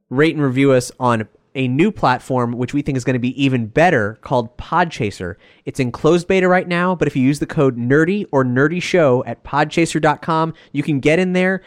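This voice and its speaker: A man hosting a casual podcast, chatty and upbeat as he reads listener reviews. His voice sits a touch high for a man, and the sound is dry and close. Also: no echo. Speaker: podcast host.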